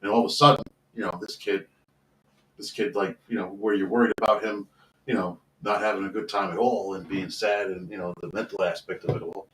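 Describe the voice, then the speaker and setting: A man's voice: deep voice, fairly even intonation, brisk, a bit bright. A man who coaches youth football, telling a long story in a casual, earnest, rambling way and swearing now and then. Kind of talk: casual storytelling in a podcast interview. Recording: roomy sound from a distant mic.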